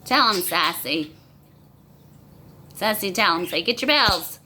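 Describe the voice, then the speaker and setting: Woman, pet owner, coaxing baby talk, slow, bright tone, phone recording at home. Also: mid-range voice, lively intonation, slightly rough. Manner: coaxing, sing-song baby talk to animals. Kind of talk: talking to pets. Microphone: phone camera.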